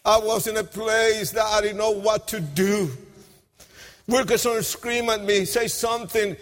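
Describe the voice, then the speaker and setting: A man giving an emotional testimony sermon, impassioned, swinging between hushed and shouted lines, with nonstandard grammar. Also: sits high, fairly even intonation, unhurried. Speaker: preacher giving his testimony. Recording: long hall reverb.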